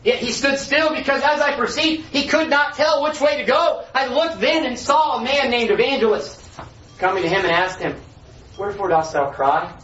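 A man's voice: extremely high pitch, normal speed. A man preaching a sermon, reading scripture and an old allegory with earnest delivery. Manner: earnest reading, rising forceful on key lines. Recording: echoey hall, voice far from mic, dull lo-fi.

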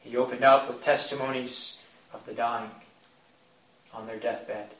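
Impassioned preacher in an echoey room. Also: male voice, medium pitch, level tone, a little slow, a bit bright. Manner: impassioned, repetitive preaching with swelling emphasis. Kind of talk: sermon. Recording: echoey room, mic at a distance.

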